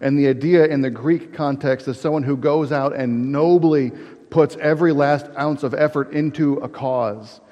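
A man's voice: on the high side, moderate pace, dark tone. A male pastor delivers an earnest sermon in a church sanctuary. His voice rings with long reverb and sounds a little dull and muffled. He poses rhetorical questions and restarts his phrases as he goes. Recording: dull reverberant hall recording.

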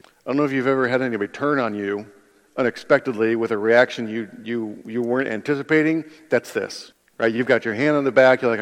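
A male pastor preaches in a conversational, animated style, frequently restarting sentences and acting out quotes. His voice is mid-range and brisk, with long hall reverb.

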